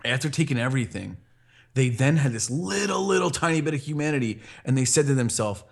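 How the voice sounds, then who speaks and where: A young man tells a funny story in a casual, rambling way, full of fillers and frequent laughter, switching into animated voices whenever he quotes someone. His voice sits in the mid-range, moves fairly quickly, and has a creaky quality.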